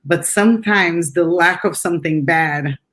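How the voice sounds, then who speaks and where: A woman's voice: on the low side, a little slow, a bit bright. A woman hosting a conversational interview, speaking emphatically and enthusiastically, often repeating words as she starts a sentence. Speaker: podcast host and retreat leader.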